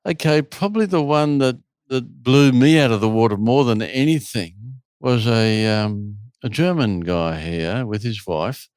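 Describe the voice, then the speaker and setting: A man's voice: medium pitch, measured pace, hardly any pauses, clean tone, dry recording. A man who runs a retreat, telling a long story in an interview and acting out the people in it. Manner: animated storyteller, acts out quotes. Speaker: retreat host.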